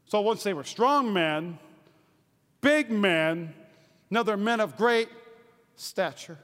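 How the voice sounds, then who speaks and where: A man preaching with a very high, bright, ringing voice. He swings from shouting to near-whispers, and his words echo through a long-reverb church hall. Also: slow. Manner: energetic, swings from shouting to hushed. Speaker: pastor. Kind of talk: sermon.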